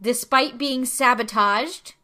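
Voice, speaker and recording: A woman's voice: a little high, takes it slowly, bright, forceful tone. A woman hosting a casual chat, explaining at length with many fillers. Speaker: host.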